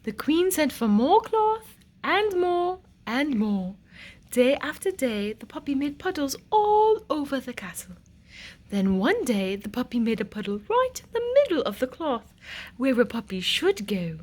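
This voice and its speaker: Woman reading a picture book aloud, high and very lively, sing-song storytelling. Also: unhurried.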